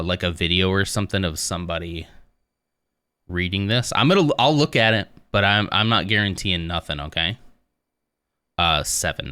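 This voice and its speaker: A man streaming live from his home office, chatting casually and rambling a little as he talks to his viewers. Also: deep voice. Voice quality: smooth voice. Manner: rambling, relaxed, talks to chat.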